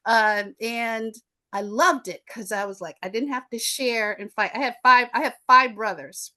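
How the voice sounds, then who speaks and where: A woman's voice: fairly high pitch, steady tone, moderate pace, pushed and bright. A woman with a Southern US accent, an attorney and podcast guest, telling stories animatedly with frequent laughter and asides. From Memphis, Tennessee, US. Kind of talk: storytelling in an interview.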